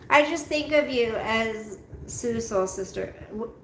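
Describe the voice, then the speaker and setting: A tired woman hosts a relaxed livestream, slowly rambling and greeting viewers by name. Her voice has a gravelly edge and sounds tired. The room is echoey, with a faint hum behind her. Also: on the high side. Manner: slow, rambling, talks straight to chat by name. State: tired, yawning. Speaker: livestream host reading chat. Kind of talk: casual live chat with viewers. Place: at home, roomy room.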